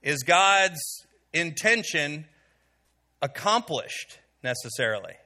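A man leads a Bible study in front of a live audience in a room, slowly and conversationally, with many "okay"s, fillers, and questions to the group. His pushed, bright voice is a little high, with big pitch swings.

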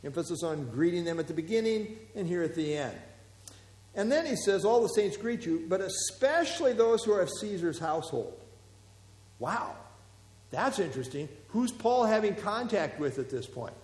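A man preaching as a pastor, teaching verse by verse in a relaxed, conversational way with fillers and asides. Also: sits high, normal speed. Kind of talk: expository Bible teaching. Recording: echoey hall.

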